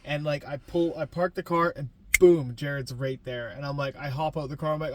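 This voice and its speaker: A young man in casual talk, co-hosting a vlog with his wife. He tells the story with animation and laughs as he goes. His voice is a little higher than most men's, and there is faint noise behind it. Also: fairly quick, few pauses. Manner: animated, laughs while telling. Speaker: vlogger, husband.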